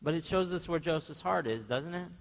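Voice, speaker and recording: A young pastor with a gravelly voice on the high side talks a little fast as he preaches to his church, heard with long reverb in the sanctuary. Having grown up in a half-Mexican household, he keeps it conversational, asking the congregation questions and animatedly acting out quoted voices in his stories.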